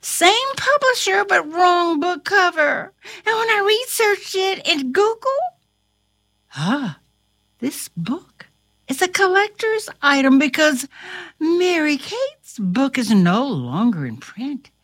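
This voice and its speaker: A woman's voice: extremely high pitch, sing-song, slow pace, a bit bright, no echo, clean studio sound. A woman reading a children's storybook aloud with dramatic flair, dropping to whispers and rising to cries, then chatting about the book. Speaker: storybook reader. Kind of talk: expressive read-aloud storytelling.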